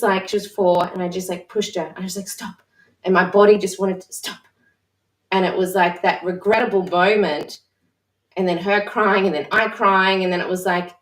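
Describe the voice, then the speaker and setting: A mother leading a discussion session who talks in a candid, reflective, halting way with frequent restarts. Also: fairly low pitch. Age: adult mother. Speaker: session facilitator. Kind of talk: personal sharing in a live-streamed discussion. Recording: roomy echo, voice far from the mic.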